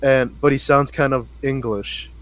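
A man's voice: medium pitch, fairly even intonation, unhurried. A young man co-hosting a podcast, chatting casually, laughing often and swearing as he tells stories. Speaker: podcast co-host. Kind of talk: casual chat.

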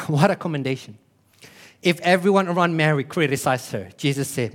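A male pastor, preaching a sermon in a church, animated, with rhetorical questions and sudden drops to a hush. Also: fairly high pitch, moderate pace.

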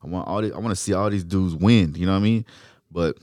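A rapper with a Houston accent, talking in a low voice, blunt and full of cursing in a casual interview. The sound is dry, with no room echo. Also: male voice, fast talker, a little mellow. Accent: Houston, Texas. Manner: blunt, profane, emphatic.

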